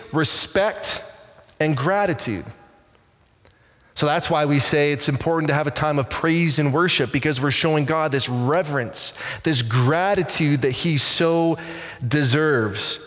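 A pastor delivers an earnest, heartfelt sermon, his fairly high voice circling back on words as he searches for them. The sound carries a long reverb from the church around him. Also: fairly bright tone.

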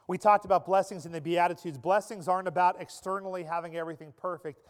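High-voiced pastor guy preaching, big swings loud to hushed, long hall echo. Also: a little fast, hardly any pauses. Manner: dramatic, shifts between loud emphasis and soft hush. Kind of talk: sermon. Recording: long reverb of a large hall.

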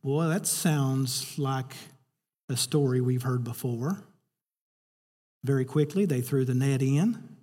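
A man's voice: medium pitch, takes it slowly, long pauses, warm tone. A man preaching a sermon, telling a story and acting out the voices he quotes. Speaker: pastor. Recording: reverberant hall.

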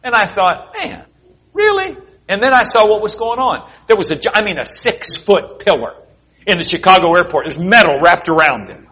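A man preaching a sermon, telling animated, jokey stories with sound effects. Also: sits high, a little fast, breathy edge. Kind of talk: sermon with storytelling.

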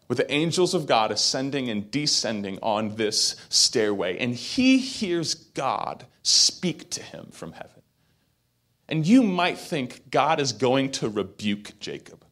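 A man's voice: mid-range voice, big pitch swings, measured pace, a bit bright. Man, pastor, sermon, storytelling, emphatic build-ups. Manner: storytelling with acted quotes, building to emphatic peaks.

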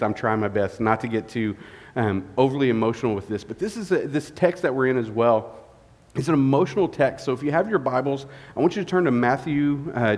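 A man, a guest pastor, preaching a sermon, candid and tired, halting with fillers. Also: mid-range voice. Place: church sanctuary. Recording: long reverb of a church hall.

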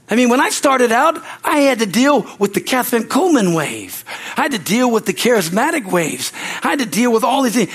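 A man's voice: extremely high pitch, fairly bright tone, breathy edge. An older man in his sixties preaching a sermon as pastor, folksy and repetitive, tossing "Amen?" to the congregation. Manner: folksy, tells anecdotes with laughter.

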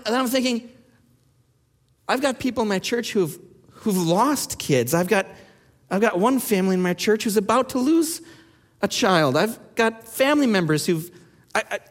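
A pastor in his thirties preaches in a church sanctuary, his voice sitting unusually high for a man. He moves from easy storytelling into urgent, pressing challenges, and long reverb from the hall trails each phrase. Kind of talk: sermon.

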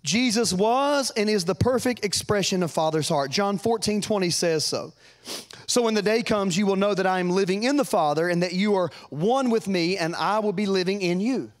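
A man preaching a sermon, fervent and folksy, climbing to loud peaks and dropping to quiet asides. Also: normal speed. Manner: fervent, rises to shouts then drops low; folksy, repeats words.

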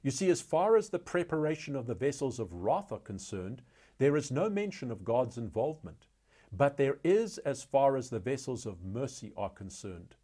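A man teaching a Bible study in a measured, deliberate way, reading scripture passages aloud and explaining them. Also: mid-range voice, big pitch swings, dark tone.

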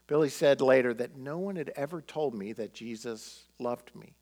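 A pastor preaching a sermon, telling a story and acting out the quotes with feeling. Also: male voice, medium pitch, expressive, normal speed, hardly any pauses, a little mellow.

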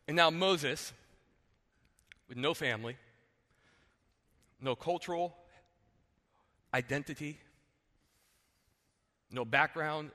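A male pastor preaching to his congregation with a bright, forceful voice that rings with a long hall reverb. He tells the story in an animated way and often checks in with "right?". The pitch sits a little high for a man. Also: measured pace, long pauses. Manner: animated, acts out characters, asks "right?". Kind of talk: sermon storytelling. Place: church sanctuary.

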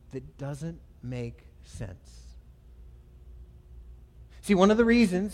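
High-voiced man preaching in a reverberant hall. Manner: emphatic preaching with call-and-response questions. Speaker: pastor. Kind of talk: sermon.

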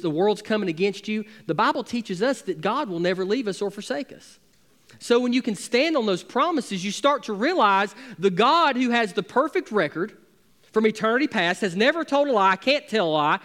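A man's voice: sits high, fairly bright tone. A man, preaching a sermon as pastor with emphatic, building intensity.

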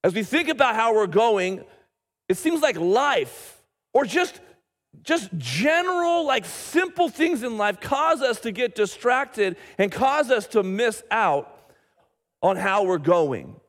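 A middle-aged man, a pastor, preaching a sermon and telling a family story in an animated way, with frequent restarts. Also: high-pitched, takes it slowly. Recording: reverberant church hall.

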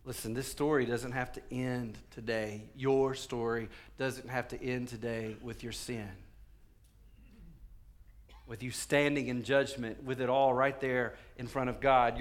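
A male pastor preaching a sermon, swinging from quiet pleading to fervent shouting. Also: mid-range voice, fairly even intonation, a little slow.

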